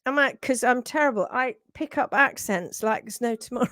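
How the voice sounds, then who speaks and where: A middle-aged livestream host chats casually and warmly greets viewers while reading out their comments, often restarting and laughing. Her slightly high voice is brisk with few pauses, in studio quality with no room sound.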